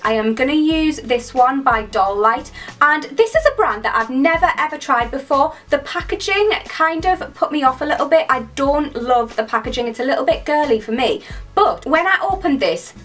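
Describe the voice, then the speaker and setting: A young British woman chatting excitedly through a makeup tutorial in a gushing, chatty way. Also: high-pitched. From United Kingdom. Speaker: beauty vlogger.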